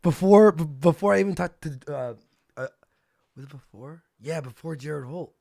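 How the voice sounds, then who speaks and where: A man hosting a casual livestream, telling stories in an animated way, swearing and acting out the people he quotes. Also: a little high, moderate pace, creaky, no room sound, studio quality. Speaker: stream host.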